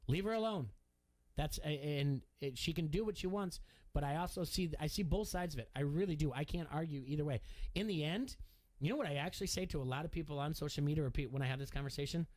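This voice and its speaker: A middle-aged man co-hosting a sports radio show, talking in a rambling, animated way with many restarts. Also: fairly high pitch, fast talker. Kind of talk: casual sports talk.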